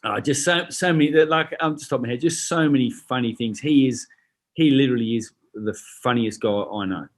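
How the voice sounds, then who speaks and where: Australian guy, rapid-fire husky storyteller, cusses and does the voices. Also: mid-range voice. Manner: animated, swears freely, acts out voices in his stories. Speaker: guest, retired boxer. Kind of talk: casual storytelling.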